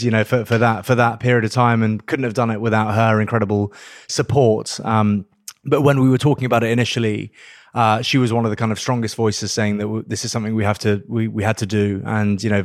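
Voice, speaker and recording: A man's voice: fairly low pitch, dry recording, studio quality. A male podcast guest speaking earnestly and a little hesitantly. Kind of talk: casual interview talk.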